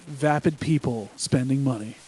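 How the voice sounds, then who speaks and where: A man's voice: mid-range voice, normal speed, dark tone. A man co-hosting a podcast, chatting casually and joking wryly while reacting live to a broadcast. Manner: wry, joking, tells anecdotes. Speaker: podcast co-host.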